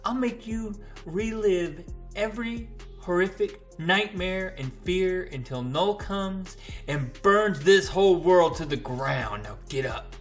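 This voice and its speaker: A man's voice: high voice, expressive, takes it slowly, faint music behind, pitched above the performer's own voice. A man voicing a menacing, taunting male alien symbiote villain while retelling a comic. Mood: gloating.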